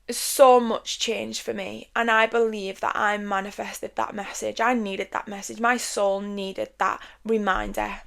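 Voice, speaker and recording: A woman's voice: a little high, creaky, a bit bright. A woman hosting a podcast, speaking emphatically and from the heart in a blunt, confessional monologue. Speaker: podcast host.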